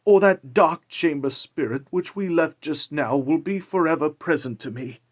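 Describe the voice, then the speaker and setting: A man's voice: fairly high pitch, moderate pace, voice pushed up, close to an everyday voice. A man voicing an old miser who pleads urgently with a spirit. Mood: pleading.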